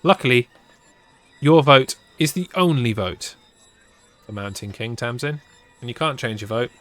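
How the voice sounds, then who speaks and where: A man's voice: mid-range voice, expressive, normal speed, a bit bright. Playful man telling a spooky story. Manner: playful, teasing and self-mocking. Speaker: streamer and storyteller. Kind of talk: live-streamed interactive story reading with chat banter.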